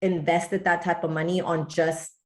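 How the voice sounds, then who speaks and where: A woman's voice: fairly low pitch, level tone, normal speed, a little mellow. A woman from Texas, a wellness coach guest, telling her story in a chatty, storytelling way. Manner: chatty storytelling, quotes her own thoughts. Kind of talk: casual interview chat.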